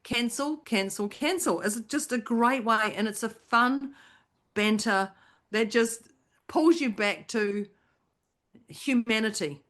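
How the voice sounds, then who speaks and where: A woman's voice: a little high, takes it slowly, fairly bright tone. A woman co-hosting a podcast, talking in a playful, rambling way and laughing often. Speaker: podcast co-host. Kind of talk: casual chat.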